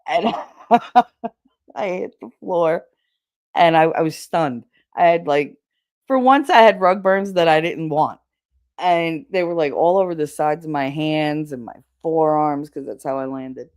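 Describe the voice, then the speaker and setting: A middle-aged woman telling a story on her livestream, animated, laughing often and swearing freely. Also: low voice, measured pace, dry recording, clean studio sound. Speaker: streamer.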